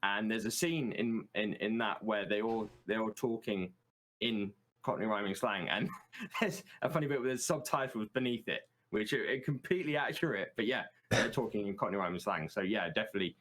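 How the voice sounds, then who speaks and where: A man's voice: fairly low pitch, brisk, fairly bright tone. A British man in casual chat as a guest, explaining words with plenty of ums and restarts. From United Kingdom. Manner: hesitant, many ums and restarts.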